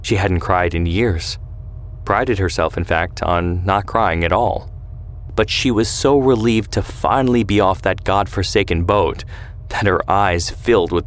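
A man giving measured, scripted narration of a historical story. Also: low voice. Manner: measured, descriptive.

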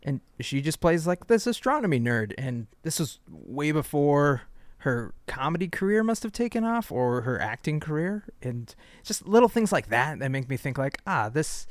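A man co-hosting a casual comedy podcast, chatty and quick to laugh, reading out news items between jokes. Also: fairly high pitch, very animated, dry recording. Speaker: podcast co-host.

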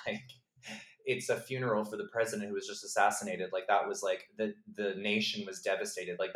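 A podcast co-host with a fairly low voice talks casually about films in a roomy-sounding recording. He's chatty, says "like" and "um" often, and slips into animated mock voices.

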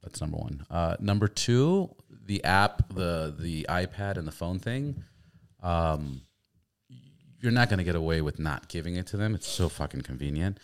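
A low-voiced man who chats casually and tells animated stories, acting out the people he quotes. His pitch swings widely as he talks. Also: moderate pace. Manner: animated storyteller, acts out quotes. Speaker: podcast host. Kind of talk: casual chat.

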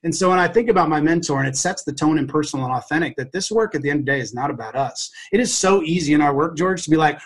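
Husky-voiced man telling a heartfelt story. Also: a little high, lively intonation. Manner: earnest, heartfelt, halting with repeated restarts; acts out quoted dialogue. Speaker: educator and podcast guest. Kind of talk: emotional personal storytelling.

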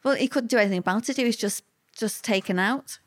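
A woman's voice: on the high side, quick pace. A woman, answering interview questions with plain-spoken, vivid personal recollection.

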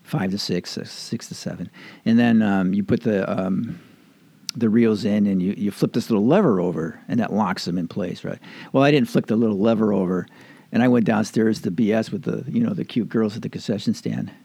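Older man, low voice, rambling storyteller, chuckles often, dry close sound. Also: brisk, gravelly, mellow, husky, dry recording. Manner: rambling, chuckling, many fillers and restarts. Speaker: interviewee. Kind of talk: casual storytelling reminiscence.

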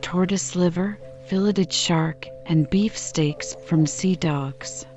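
A woman's voice: on the low side, slow pace, darkish tone. A woman reading an irascible harpooner. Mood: indignant. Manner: indignant, blunt outbursts. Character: irritable hot-tempered male sailor, harpooner. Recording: dull lo-fi with faint music.

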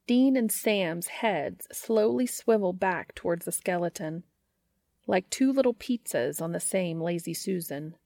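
Wry woman narrator, low gravelly voice. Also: lively intonation, unhurried, mellow, no room sound. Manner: wry, dry comic delivery. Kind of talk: fan fiction reading.

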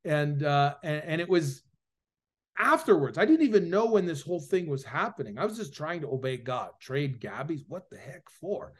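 As an interview guest, a male preacher and author shares an earnest, emotional personal testimony that grows louder at its peaks. His voice is a little high, slightly rough, and animated, at normal speed.

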